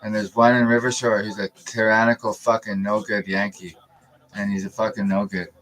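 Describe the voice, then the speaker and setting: Low, flat-voiced man in his thirties ranting. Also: moderate pace, rough recording. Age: 30s. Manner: profane, confrontational, rambling. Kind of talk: rambling live-stream monologue.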